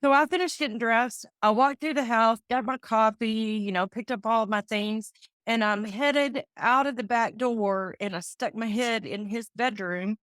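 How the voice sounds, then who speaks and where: A woman's voice: a little high, moderate pace, fairly bright tone, no room sound, studio quality. Heartfelt woman telling a personal story. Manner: heartfelt, acts out remembered dialogue. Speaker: real estate agent, guest. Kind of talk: emotional personal storytelling in an interview.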